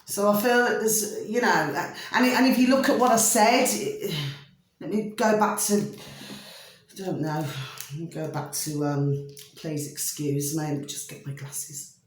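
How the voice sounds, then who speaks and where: A woman's voice: on the low side, a little slow. Rambling woman, echoey room. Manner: rambling, homely, fond of mild slang like "flipping" and "blooming". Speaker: vlogger. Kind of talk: chatty spiritual vlog.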